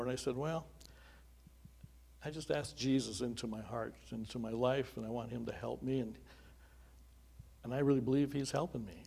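Middle-aged man, pastor giving a sermon as testimony; conversational, earnest, dark mellow tone. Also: mid-range voice, steady tone, moderate pace, gravelly, pauses often, breathy edge. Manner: earnest and conversational, with chuckling asides.

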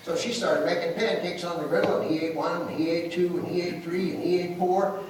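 A man's voice: fairly high pitch, fairly even intonation, brisk, a little mellow. A man preaching a sermon as pastor, telling folksy stories and making emphatic declarations. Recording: echoey room from far off with faint noise.

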